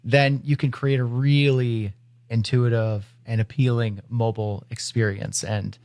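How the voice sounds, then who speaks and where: A man's voice: mid-range voice, a little slow, no echo. Laid back guy co-hosting a podcast, mid voice, dry close sound, some uhs. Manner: relaxed and easygoing, with filler "uh"s. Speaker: podcast co-host. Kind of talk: casual podcast chat.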